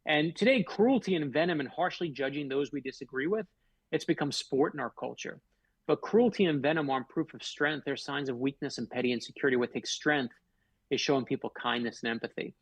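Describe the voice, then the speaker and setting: A middle-aged man from Florida tells heartfelt stories as a guest on a radio show. His voice is gravelly and husky, and he leans hard on the big lines. The sound is close and dry. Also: medium pitch, fairly quick, no room sound. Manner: heartfelt, emphatic, builds stories to a punch. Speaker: author guest. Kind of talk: earnest storytelling in a radio interview.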